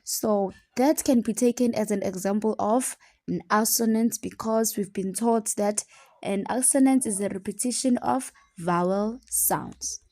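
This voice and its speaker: A woman teacher explaining a lesson and reading examples aloud slowly and deliberately. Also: medium pitch, warm tone, dry recording.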